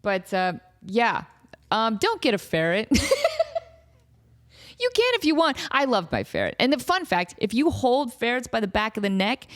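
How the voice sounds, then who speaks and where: A woman host chatting on her own podcast in a bright, higher register. Her pitch swings widely as she tells animated, jokey stories and slips into playful impressions. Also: vocal fry, no room sound, studio quality. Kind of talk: casual solo podcast chat.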